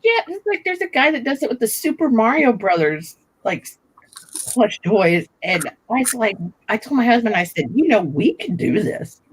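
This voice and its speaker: A woman guest on a live stream, chatting in a lively way with quick asides and laughter. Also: a little high, a little hiss or hum, rough recording. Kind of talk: casual chat.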